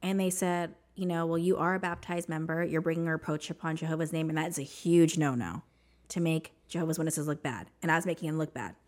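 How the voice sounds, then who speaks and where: A woman with a somewhat low voice talks through her own story as an interview guest. She is animated and conversational, leans on "like," and acts out the lines others said to her. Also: fast. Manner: animated, says "like" a lot, acts out what others said. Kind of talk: personal storytelling in casual conversation.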